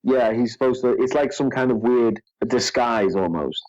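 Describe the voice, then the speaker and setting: A man's voice: mid-range voice, normal speed, a little mellow, no echo. A man with a mid-range voice, co-hosting a casual podcast chat. He reacts with wry exasperation. His mic sounds dull, dry and a bit lo-fi. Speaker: podcast co-host.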